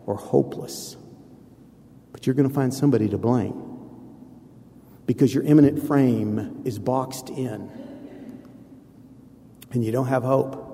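A man's voice: mid-range voice, gravelly, dark tone. Man preaching in a reverberant hall. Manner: conversational preaching with playful asides to the congregation. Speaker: pastor. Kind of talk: sermon.

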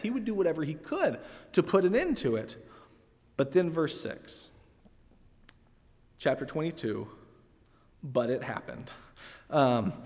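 A man's voice: a little high, a little mellow, in a large hall. A man teaching a Bible passage in a conversational sermon, explaining as he goes with frequent ums and uhs. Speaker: preacher. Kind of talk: expository sermon.

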